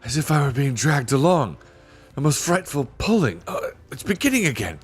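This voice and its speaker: A man voicing a quick, excitable schoolboy brother in a read-aloud storybook, in an urgent, slightly raised boyish tone. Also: medium pitch. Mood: breathless.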